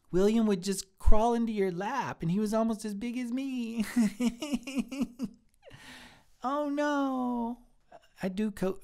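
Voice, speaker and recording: A man's voice: high voice, a little mellow, clean tone. A man voicing a giddy, childlike young woman who works in a kitchen, giggly and scattered as she answers live chat questions. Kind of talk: improvised live-stream character comedy.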